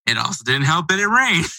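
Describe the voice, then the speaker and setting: A man's voice: fairly high pitch, very animated, normal speed, sharp tone, no room sound, poor audio. A man hosting a casual sports podcast, talking in a loose, rambling, conversational way. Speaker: podcast host.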